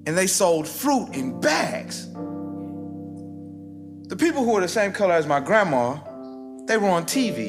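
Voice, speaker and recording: A man, a rapper telling a spoken-word story in a rhythmic, wry way with dramatic pauses. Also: a little high. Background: guitar music.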